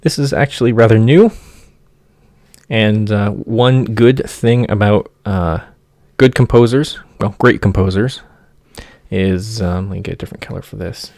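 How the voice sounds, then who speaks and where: A man giving an informal music theory lecture, singing motifs in nonsense syllables and pausing often with fillers. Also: fairly low pitch, darkish tone, no echo, studio quality.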